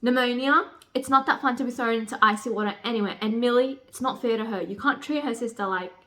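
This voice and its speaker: A woman reads a defiant, guarded young woman who answers back with quick, pointed lines. The voice is fairly high but sits a little below her own excited chatter. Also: close to an everyday voice. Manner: read aloud from a novel, slightly lower than her own chatter.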